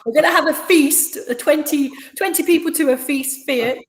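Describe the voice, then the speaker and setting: A woman's voice: high-pitched, normal speed. A woman learning in a casual one-to-one language lesson, chatty and playful, repeating words back.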